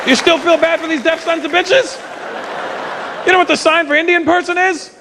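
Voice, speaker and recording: A man doing live stand-up comedy on stage, teasing the audience in an animated way. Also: very high-pitched, moderate pace, heavy background noise. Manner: animated, teasing crowd work.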